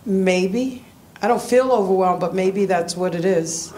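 A woman visiting a church, giving a tearful, halting personal testimony with nervous laughs. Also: medium pitch, dark tone.

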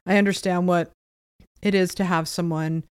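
A woman's voice: fairly low pitch, fairly even intonation, normal speed, darkish tone, clean tone. An older woman co-hosting a podcast, giving direct, opinionated takes in casual film chat. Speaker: podcast co-host.

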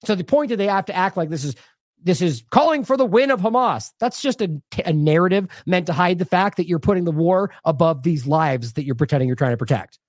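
A man's voice: high voice, expressive, a little fast, no room sound, clean studio sound. A man hosting an independent news show, delivering indignant, sarcastic commentary with heavy emphasis.

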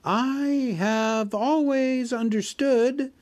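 A man voicing a small timid male hobbit who speaks in a frightened, hesitant squeak. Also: takes it slowly, darkish tone, close to an everyday voice.

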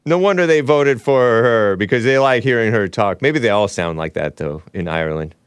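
A male talk show host rambles through sarcastic commentary and laughs at his own asides. His voice is smooth and resonant. It sits close and dry, with no room sound. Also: fairly low pitch, expressive, fairly quick, no echo. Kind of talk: casual commentary playing clips.

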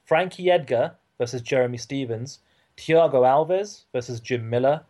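A man with a British accent co-hosting a sports podcast, briskly reading through a list of upcoming fights. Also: mid-range voice, darkish tone. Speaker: podcast co-host. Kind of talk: casual chat, reading a fight card.

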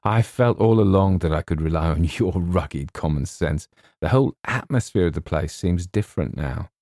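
A man's voice: low voice, lively intonation, normal speed, darkish tone, no echo, studio quality. A man doing a fretful young bachelor writer.

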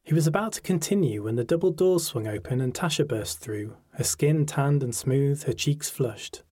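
A man narrating a first-person story in an audiobook, measured and reflective. His voice is mellow and warm rather than bright, with a husky, breathy texture. The delivery is steady, like careful storytelling. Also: mid-range voice.

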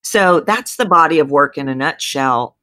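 Speaking at a moderate pace, this Texas-born voice coach recounts her story during an interview. Her delivery is lively with abrupt pitch leaps, and there's no echo on the recording.

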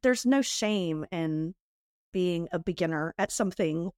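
A middle-aged woman from the United States, a guest in an interview who candidly tells lively, animated stories and laughs often. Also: lowish voice, measured pace, dry recording, clean studio sound. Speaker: guest, beauty entrepreneur. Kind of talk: candid storytelling in a podcast interview.

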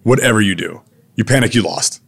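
A chef and restaurateur talks casually in an interview, blunt and laid-back, calling people "man" and "dude" and swearing now and then. His lowish voice is creaky with a breathy edge, and he speaks fairly quickly.

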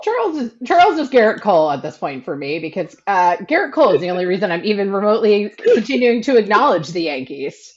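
A woman's voice: medium pitch, quick pace, few pauses. A woman around forty, co-hosting a podcast and telling stories in casual chat with a lot of laughter. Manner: animated, laughing storyteller. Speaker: podcast co-host. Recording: dull lo-fi audio.

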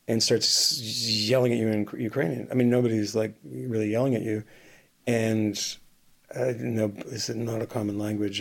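A man's voice: fairly low pitch, creaky. A man co-hosting a podcast, calling in from abroad and telling a long story in a tired, rambling way with many restarts. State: tired, bleary-eyed. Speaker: podcast co-host reporting from abroad. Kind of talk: casual conversational storytelling. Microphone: remote call-in.

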